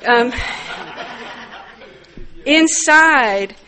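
A middle-aged woman with a somewhat high voice gives a candid personal testimony. She is wry and plainspoken, and breaks into loud, emphatic bursts when she stresses a point. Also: lively intonation, extremely slow. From northern United States. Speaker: recovery meeting speaker.

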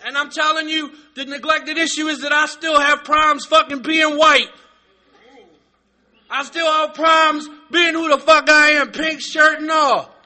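A middle-aged man telling his story at a recovery meeting, profane and comic, shouting at times and then going quiet and sincere. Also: very high voice, little pitch movement, unhurried. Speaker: speaker sharing at a recovery meeting. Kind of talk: raw comedic testimony. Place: meeting room.

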